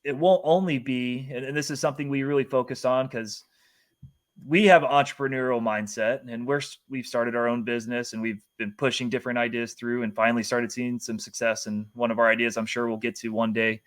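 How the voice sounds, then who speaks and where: A man from North Carolina in easy podcast talk, his voice sitting at an ordinary middle pitch. He wanders through his points, stops short and starts over. It sounds loose and conversational. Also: steady tone, a little fast. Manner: rambling, self-interrupting. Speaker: podcast co-host. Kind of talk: casual chat.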